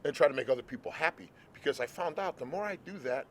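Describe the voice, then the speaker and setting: A man's voice: fairly high pitch, lively intonation, fast, fairly bright tone. A man in his forties hosting an interview, talking in an earnest, rambling way with many restarts. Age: 40s. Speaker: host. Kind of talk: casual interview chat. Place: outdoors at a ballpark.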